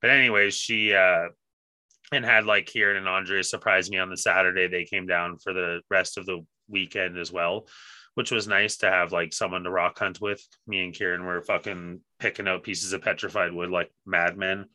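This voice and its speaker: Laid-back man in his thirties, bright voice. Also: low-pitched, flat delivery, moderate pace, dry recording. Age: 30s. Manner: laid-back, laughs often, swears casually. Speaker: podcast co-host. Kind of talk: casual podcast chat.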